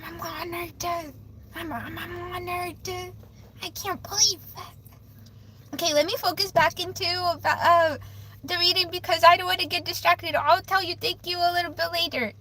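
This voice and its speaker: High bright-voiced young woman, stammering. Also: a little hiss or hum, low-quality recording. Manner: emotional, stammering, repeating herself. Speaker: livestreamer giving tarot readings. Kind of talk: live-stream tarot reading.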